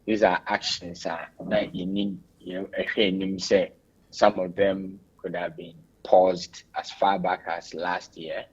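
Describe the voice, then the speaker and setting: A man with a Ghanaian accent, a radio interview guest giving measured, explanatory answers. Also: low voice, level tone, husky, lo-fi sound.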